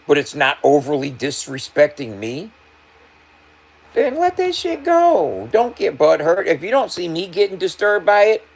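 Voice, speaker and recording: Profane laughing livestreamer man. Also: mid-range voice. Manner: loose, profane, laughing often. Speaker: livestreamer talking to his chat. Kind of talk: casual livestream banter.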